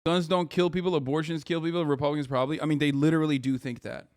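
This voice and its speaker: A man's voice: a little high, fairly even intonation, very fast, darkish tone, clean tone, dry recording, studio quality. A man in his thirties streaming a heated, profane and sarcastic rant, reacting to the news as he talks. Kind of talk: ranting casual commentary.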